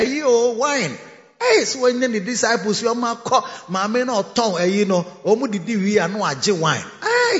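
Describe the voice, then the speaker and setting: A man with a Ghanaian accent preaching a sermon, animated, laughing and rising to shouts. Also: high-pitched. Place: large church hall. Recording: echoey hall, dull lo-fi sound.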